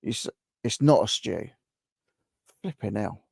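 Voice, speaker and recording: A man's voice: fairly low pitch, animated, slow, creaky, a little mellow, breathy edge, dry recording, clean studio sound. A man hosting a live stream, chatting casually and reacting to viewers' guesses as he reads their comments aloud.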